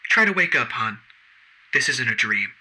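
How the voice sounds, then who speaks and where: A man voicing a cruel male villain who taunts in a slow, mocking sing-song. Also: medium pitch, sing-song, sharp tone, heavily acted, rough recording. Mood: taunting.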